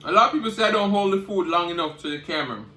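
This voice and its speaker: Rapid-fire and high-pitched, a man eats on camera and chats straight to his viewers, breaking into loud, savoring hums between remarks. The cooking vlogger's casual mukbang sounds reverberant, with soft music in the background.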